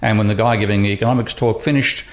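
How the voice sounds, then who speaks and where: A man's voice: fairly low pitch, steady tone, rapid-fire. A man speaking as an economics professor on a podcast, rambling and restarting often in casual chat.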